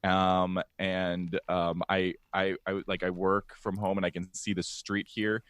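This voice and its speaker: A man appears as a comedian guest and tells stories in an easygoing, deadpan way, with halting restarts. His voice sits low. The sound is dry and close. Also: clean tone, no echo. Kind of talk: casual chat, telling anecdotes.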